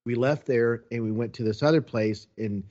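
A man in the middle of a long, chatty story, acting out what everyone said in a relaxed, animated way. His voice sits in an ordinary middle range. The recording sounds a little muffled and lo-fi. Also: mid-range voice, moderate pace. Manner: animated, chatty, quotes people as he goes. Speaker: guest telling a story. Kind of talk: casual storytelling.

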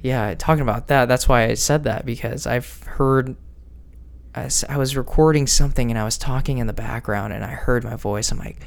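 Man with a gravelly, smooth voice. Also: mid-range voice, steady tone, fairly quick. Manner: rambling, self-correcting, candid. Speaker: podcast guest. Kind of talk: casual chat.

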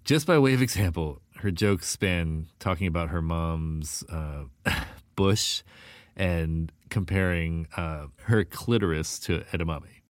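A man's voice: deep voice, slow, no echo, clean studio sound. A man hosting a podcast in a casual, laid-back way, dropping hip-hop slang. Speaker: podcast host.

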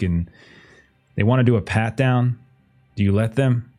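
A man's voice: lowish voice, a little slow, pauses often, warm tone, faint music behind. A man narrating a tabletop game as game master, describing scenes loosely with lots of fillers.

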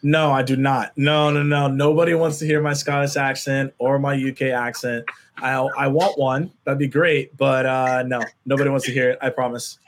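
A man being interviewed as a guest, speaking in a relaxed, casual way with frequent "like" fillers. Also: medium pitch, moderate pace. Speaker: guest, sales content creator.

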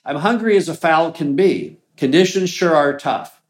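A man reading aloud as a lazy young rooster who grumbles about hunger, in a slightly raised, drawn-out storytelling voice. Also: a little high, animated, echoey room, close to an everyday voice. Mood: grumbling.

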